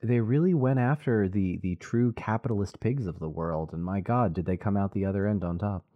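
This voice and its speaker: A man's voice: lowish voice, a little fast, muffled recording. A man guesting on a podcast, telling lore and cracking playful jokes in casual chat. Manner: joking, playful storytelling.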